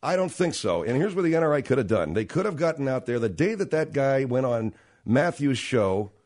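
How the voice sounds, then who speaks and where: A man's voice: medium pitch, sing-song, a little fast, a little mellow. A man hosting a talk radio show, delivering an opinionated, sarcastic monologue and acting out the voices of people he quotes.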